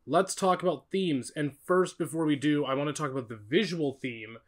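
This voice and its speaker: Higher-voiced man co-hosting a chat. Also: moderate pace. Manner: animated, steers topics. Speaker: podcast co-host. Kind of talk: casual chat.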